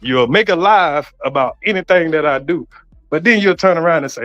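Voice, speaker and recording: Arguing heatedly yet casually, an online content creator mocks, gets sarcastic, and keeps repeating himself. The man's voice is fairly high and a bit bright, his pace a little fast. Faint music plays under dull, lo-fi audio.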